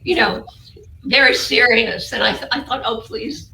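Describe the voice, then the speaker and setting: A woman's gravelly, slightly high voice comes from well back from the mic. She laughs through what she says. The room is echoey and the hiss is clearly audible. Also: moderate pace, pushed and bright. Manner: giggly, laughing through the telling. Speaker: panel guest, actress. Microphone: video call. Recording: distant, echoey, noisy call.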